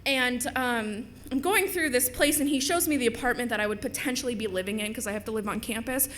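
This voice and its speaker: A young woman from Minnesota telling a personal story on stage to a live audience, chatty and animated. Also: on the high side, brisk.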